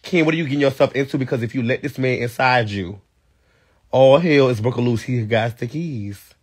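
A young man telling a gossipy story on a livestream, dramatic, with sudden high shrieks and whispers. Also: a little fast, husky, no echo. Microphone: phone.

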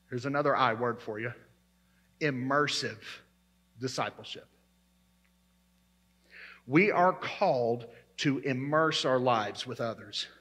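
A man's voice: medium pitch, fairly bright tone, slightly rough. A man preaching a sermon as pastor, emphatic and repeating his key words.

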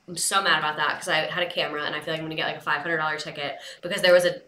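Bright chatty young woman livestreamer. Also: low-pitched, little pitch movement, rapid-fire, reverberant, a little hiss or hum. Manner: chatty storytelling with quoted dialogue. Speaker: livestream host. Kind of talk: casual livestream chat.

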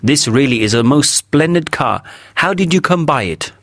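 A man's voice: a little high, expressive, normal speed, a bit bright, no room sound, studio quality, voice pushed up. A man voicing an earnest, slightly awkward young man in a storybook reading.

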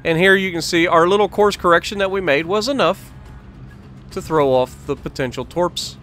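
Soft game music runs beneath a man's fairly high, bright voice as he narrates his gameplay at a moderate pace for his channel. He keeps it playful, joking with his audience and occasionally scolding the game.

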